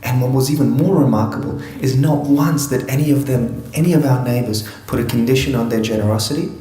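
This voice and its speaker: A man's voice: medium pitch, a little fast, mellow, reverberant, a little hiss or hum, low-quality recording. A man from Afghanistan telling his life story to an audience in an earnest, reflective way, with touches of humor.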